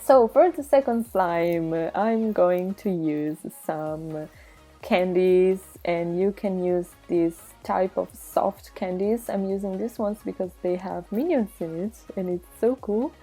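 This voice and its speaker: A woman's voice: fairly low pitch, takes it slowly, warm tone, faint music behind. A woman from Italy with an Italian accent, chatting through a casual craft tutorial and explaining each step with frequent giggles. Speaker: slime-making vlogger.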